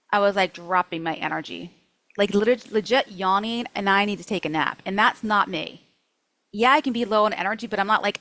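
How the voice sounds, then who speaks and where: A woman nutrition coach teaching a workshop in a lively, chatty way, acting out her own thoughts. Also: medium pitch, no echo, rough recording.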